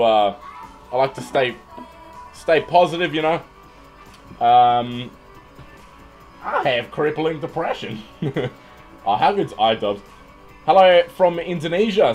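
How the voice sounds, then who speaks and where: An Australian man hosting a livestream, chatting casually and joking as he greets viewers by name at his computer. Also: mid-range voice. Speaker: livestream host. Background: music playing.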